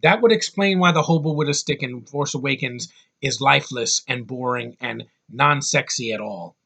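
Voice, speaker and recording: A man's voice: mid-range voice, moderate pace, creaky, pushed and bright. Angry man ranting about a film. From United States. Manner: angry, profane ranting with sarcastic asides. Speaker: movie reviewer.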